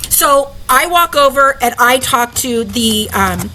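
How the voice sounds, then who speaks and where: A woman, an interview guest, telling a story in casual, animated talk full of "like" fillers. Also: high-pitched, takes it slowly, a little hiss or hum, rough recording.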